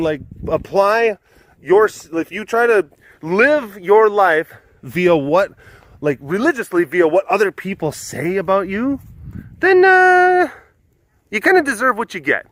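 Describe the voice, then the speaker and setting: A man casually retells an old fable, rambling and stopping to restart his sentences. His voice sits a little high and swings about a lot as he talks. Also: normal speed, no echo. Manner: rambling, animated, lots of fillers. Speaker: vlog host, animal keeper. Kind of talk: casual storytelling.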